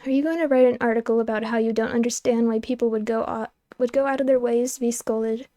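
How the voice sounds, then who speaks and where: A stern, berating woman with a mellow, low-toned edge, put on by a female gamer reading the game's lines. She barks demands and scolds without letting up. The voice sounds close and dry. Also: fairly even intonation, quick pace, no echo, natural voice. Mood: stern scolding. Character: harsh scolding middle-aged woman.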